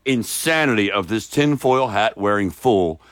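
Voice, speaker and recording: A man co-hosting a sports talk radio show, telling stories in a rambling, halting way with many fillers. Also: lowish voice, animated, no echo, clean studio sound. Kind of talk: casual studio banter.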